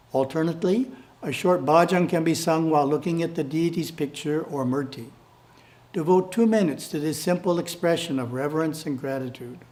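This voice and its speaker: A man reading his editorial aloud as calm, measured spiritual instruction. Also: fairly high pitch.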